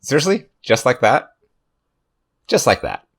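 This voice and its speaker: A man's voice: medium pitch, wildly swooping pitch, unhurried, a bit bright, breathy edge. A man hosting a let's play, giving jokey, sarcastic running commentary as he plays. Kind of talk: casual game commentary.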